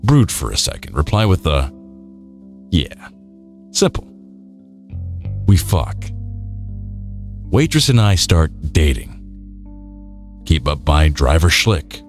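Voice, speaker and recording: A man reading an internet story aloud in a slow, brooding way. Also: a bass voice, lively intonation, faint music behind.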